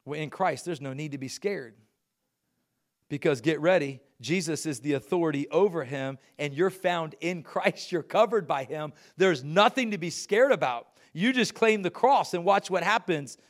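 Middle-aged male pastor, emphatic sermon delivery, voice sits a bit high. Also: normal speed. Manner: emphatic preaching, rising loud on key points, reading scripture aloud.

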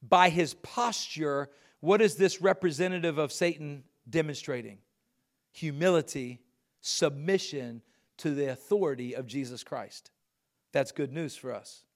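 A middle-aged male pastor preaching a sermon, reading scripture and building to loud, emphatic points. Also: on the high side, unhurried.

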